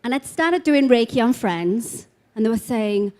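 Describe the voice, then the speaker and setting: A woman speaks to a live audience at an expo in a chatty, animated way. She acts out quoted lines as she goes, and her voice sits a little high. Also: a little slow, few pauses. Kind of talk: live storytelling talk to an audience.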